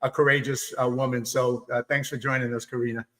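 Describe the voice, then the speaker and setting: A man from New York hosting a webinar, telling stories in a casual, animated way with frequent restarts and "you know.". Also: mid-range voice, fast, poor audio. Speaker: webinar host. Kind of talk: casual storytelling chat.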